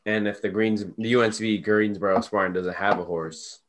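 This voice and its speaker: A man with a low voice, running a casual podcast chat. He stays laid-back and agreeable and moves the talk along. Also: fairly even intonation, moderate pace. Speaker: podcast co-host.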